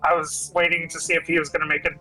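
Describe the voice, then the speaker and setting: A man's voice: on the high side, little pitch movement, racing, bright, forceful tone, soft background music, rough recording. A man playing a tabletop game, chatting with wry, teasing remarks. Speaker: player. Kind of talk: casual chat at a tabletop game.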